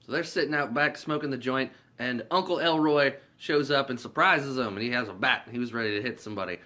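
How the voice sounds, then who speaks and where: A man's voice: medium pitch, quick pace, bright, forceful tone. A man casually recapping a movie plot in a rambling, profane way, laughing often. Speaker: movie reviewer.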